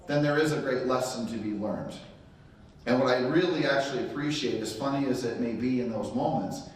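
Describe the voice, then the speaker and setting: A middle-aged man giving a motivational training talk to a live audience, telling a story and acting out the quotes. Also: mid-range voice. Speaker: real estate training speaker. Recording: very echoey room, voice far from mic.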